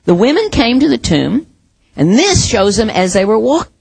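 Gravelly-voiced woman preaching. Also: on the high side, very animated, moderate pace, a little mellow, dry recording. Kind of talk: sermon.

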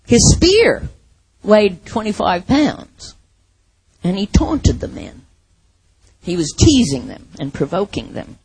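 A woman preaching a sermon, telling a Bible story with lively acted-out asides. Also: medium pitch, slow pace, long pauses, slightly rough, poor audio.

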